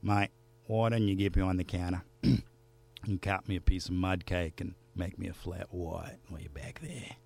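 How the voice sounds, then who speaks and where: A man's voice: low-pitched, little pitch movement, normal speed, gravelly, a little mellow, pitched below the performer's own voice. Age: older. A man putting on a blustering cafe boss. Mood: mocking. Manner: blustering, repeats himself. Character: loud, bullying older male cafe boss. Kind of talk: spoken word performance.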